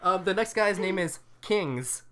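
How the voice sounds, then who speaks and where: A man's voice: high-pitched, lively intonation, measured pace, crowd noise. A man co-hosting a casual podcast, reading out dating-app messages and laughing between lines. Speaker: podcast co-host.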